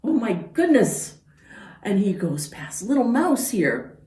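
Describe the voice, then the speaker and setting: A woman's voice: mid-range voice, very animated, slow, mellow. A woman librarian reading a picture book aloud to children, pointing out the pictures as she goes. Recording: roomy, from far off.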